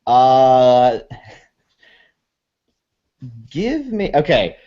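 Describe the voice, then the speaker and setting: A man's voice: mid-range voice, very animated, very slow, mellow. A man narrating a tabletop horror game as game master, loose and casual with lots of swearing and fillers. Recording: dull lo-fi audio.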